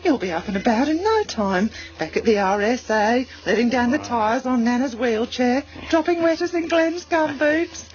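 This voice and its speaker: A woman playing a gentle, patient mum in a radio comedy sketch. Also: fairly high pitch, normal speed, hardly any pauses, lightly acted. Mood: soothing. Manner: gentle, soothing. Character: patient long-suffering Kiwi mum, middle-aged. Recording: dull archival radio clip with music.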